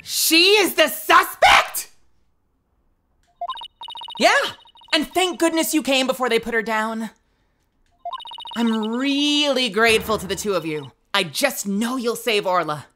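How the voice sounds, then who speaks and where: A woman's voice: a little high, animated, unhurried, a bit bright, a little hiss or hum. A woman voicing a young female aquarium trainer who talks in hammy pirate speech with a put-on Scottish accent. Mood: earnest.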